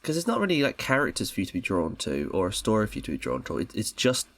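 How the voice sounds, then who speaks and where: A man's voice: fairly low pitch, sing-song, fast talker, a bit bright, no echo. A man co-hosting a film podcast, chatting casually and rambling with lots of fillers. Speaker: podcast co-host.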